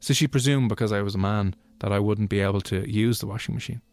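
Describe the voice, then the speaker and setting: A man co-hosting a radio show, telling stories in a quick, self-mocking way. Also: lowish voice, a little mellow, no echo. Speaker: radio co-host. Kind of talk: casual chat.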